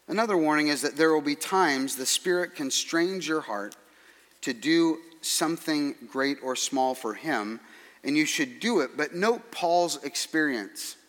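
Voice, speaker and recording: A man preaching a sermon as pastor, earnest and measured, with dry humorous asides. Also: on the high side, lively intonation, a bit bright, big-room sound.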